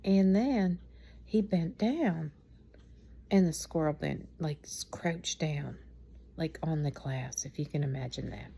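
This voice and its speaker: A woman's voice: low voice, slow, creaky, warm tone, slight background noise. A tired middle-aged woman telling a rambling, chatty story about her son late at night, laughing at it along the way. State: tired, speaking softly at night. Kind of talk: casual storytelling vlog.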